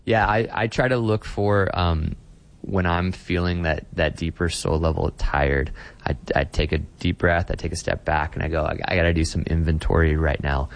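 A man with a very low, deep voice talks as a guest on an interview show. He is a pastor, earnest and reflective, and he often circles back and restarts his words as he works through an idea. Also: steady tone, moderate pace, creaky.

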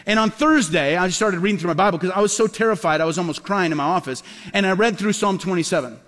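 High-voiced pastor telling stories in a hall. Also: male voice, quick pace. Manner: lively storyteller acting out quoted voices. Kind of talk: storytelling sermon. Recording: long hall reverb.

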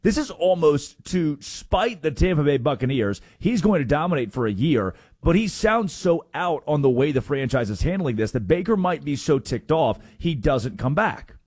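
A man hosting a sports talk radio show, animated and quick to jump in, often repeating himself. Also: on the high side, husky, no echo, studio quality.

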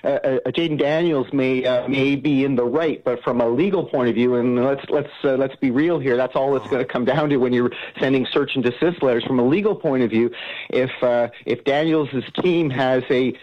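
A man's voice: medium pitch, moderate pace. A man calling in to a sports radio show, hesitant and filling his sentences with uh's. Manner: hesitant, heavy on uh fillers. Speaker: caller. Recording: muffled phone-in line.

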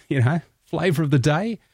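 A man's voice: a little high, darkish tone, slightly rough, dry recording. An Australian man hosting a breakfast radio show, chatting in a jokey way and laughing at his own asides.

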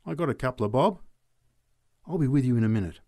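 A man's voice: mid-range voice, lively intonation, fast, dark tone. A man voicing an impatient, pushy drunk, reading a storybook. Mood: coaxing. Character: impatient male drunk offering a bottle.

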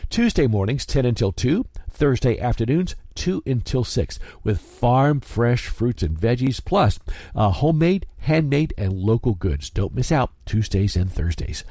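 A man's voice: mid-range voice, measured pace, no room sound. Chatty radio DJ man. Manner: lively, chatty, animated delivery. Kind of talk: classic hits radio chatter. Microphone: studio microphone, dry.

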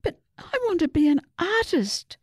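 A woman voicing an excited, imaginative little girl in a storybook reading, with a giggly, high voice. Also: slow, no echo, clean studio sound, heavily acted. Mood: pleading.

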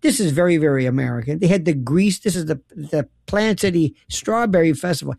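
Animated storytelling woman, gravelly low voice. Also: fairly quick, no echo, clean studio sound. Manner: animated, laughing, dramatic quoted voices. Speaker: radio host guest. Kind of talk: casual storytelling chat.

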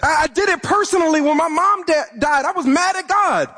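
A young man preaches a sermon in a church sanctuary, his voice unusually high. He grows impassioned and sometimes acts out frustrated pleas to God. A long hall reverb trails each phrase. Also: big pitch swings, a little fast, hardly any pauses, pushed and bright. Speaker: pastor.

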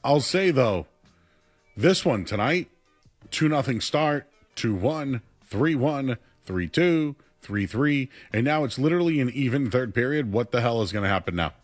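A young man co-hosting a casual sports talk show, chatty and animated, his voice jumping up when he gets excited. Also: medium pitch, unhurried, soft background music. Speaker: sports radio co-host.

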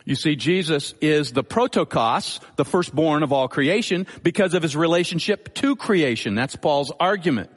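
A man's voice: on the high side, expressive, normal speed, hardly any pauses, long reverb tail. A man preaching an expository sermon as pastor, teaching earnestly and quoting scripture. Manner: earnest teaching delivery, Bible quotations.

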